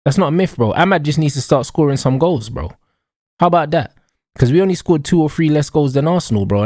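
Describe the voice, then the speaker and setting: On a live stream, a young man from London vents casually about football, his slightly high, darkish voice heavy with slang and the same catchphrases over and over. He comes across as emphatic and repetitive. The sound is clean studio audio without room sound.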